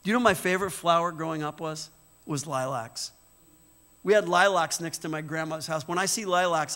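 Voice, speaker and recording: An older man preaching a sermon from the pulpit, animated, swinging between loud exclamations and quiet reflection. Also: on the high side, normal speed. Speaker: pastor. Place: church sanctuary. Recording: church hall reverb.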